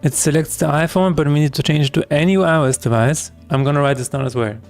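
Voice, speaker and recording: A man's voice: on the high side, quick pace, darkish tone, faint music behind. A man streaming his game development work, talking through each step aloud in a chatty, self-correcting way. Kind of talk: live-streamed coding chat.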